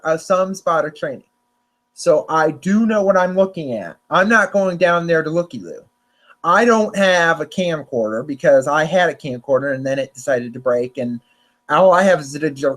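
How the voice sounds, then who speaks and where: Young male host, high voice, chatty and rambling, stumbles and corrects himself. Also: fairly bright tone. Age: young adult. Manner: rambling, restarts and self-corrections. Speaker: podcast host. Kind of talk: casual chat about storm forecasts.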